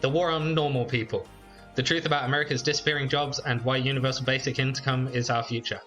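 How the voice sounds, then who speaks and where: Man YouTuber, casual game commentary, bright forceful voice, lots of fillers. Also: mid-range voice, fast talker, faint music behind. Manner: chatty, relaxed, frequent fillers. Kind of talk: let's play commentary.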